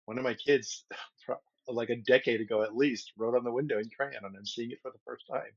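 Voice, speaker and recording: A middle-aged man co-hosting a podcast, telling a long story in an animated, rambling way with lots of restarts. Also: medium pitch, a little fast, slightly rough, muffled recording. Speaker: podcast co-host. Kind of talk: casual storytelling chat.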